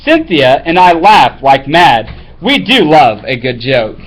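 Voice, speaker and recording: A male teacher with a high, very expressive voice, reading a story aloud to his class with animated delivery. Between reading and instructions he talks in a casual, classroom manner. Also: takes it slowly, low-quality recording.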